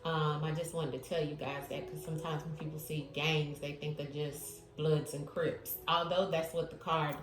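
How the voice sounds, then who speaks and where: Low-voiced woman tarot reader, echoey room. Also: flat delivery, normal speed, hardly any pauses. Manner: chatty, calls viewers family, many fillers. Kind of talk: spiritual reading monologue. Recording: echoey room with music behind.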